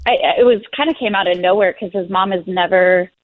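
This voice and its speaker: A woman calling into a podcast, speaking hesitantly and softly. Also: medium pitch, brisk. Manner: hesitant, soft-spoken. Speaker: caller. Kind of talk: phone call-in chat. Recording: tinny phone line.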